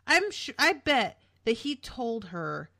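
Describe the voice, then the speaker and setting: A woman co-hosting a podcast, recapping a show in casual chat, blunt and quick to curse. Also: on the high side, very animated, vocal fry, pushed and bright, dry recording, clean studio sound. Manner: blunt, swears freely. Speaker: podcast co-host.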